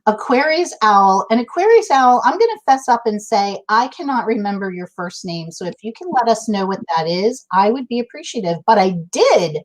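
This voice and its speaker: A woman's voice: on the high side, sing-song, moderate pace, hardly any pauses. A woman hosting a casual live-stream chat, chatty and laughing as she greets viewers by name. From Massachusetts, USA. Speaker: host.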